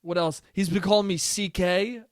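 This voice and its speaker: A man's voice: high-pitched, fairly even intonation, moderate pace, no echo, clean studio sound. Man doing a profane comic podcast monologue. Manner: rambling, profane storytelling with quoted voices. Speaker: podcast host. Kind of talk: solo comedic podcast monologue.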